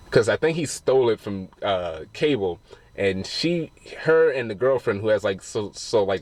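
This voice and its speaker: A man's voice: mid-range voice, no echo. A man giving a casual, rambling spoiler review of a film, retelling scenes with plenty of swearing.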